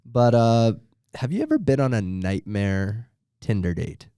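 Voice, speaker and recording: A young man co-hosting a podcast in casual chat, throwing in quick jokes and short agreeing replies. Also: medium pitch, very animated, dark tone, clean tone, dry recording, clean studio sound. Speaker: podcast co-host.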